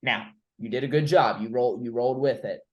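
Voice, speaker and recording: A man's voice: mid-range voice, a little fast, a little mellow, dull audio. A man coaching a trainee through cold-call role-play, blunt and informal, with the odd swear word. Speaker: recruiting coach.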